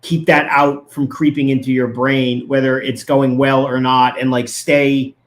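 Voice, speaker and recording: A man's voice: mid-range voice, flat delivery, a little slow. A man, a lawyer, giving legal analysis as a guest in a casual interview, arguing his points emphatically and with indignation.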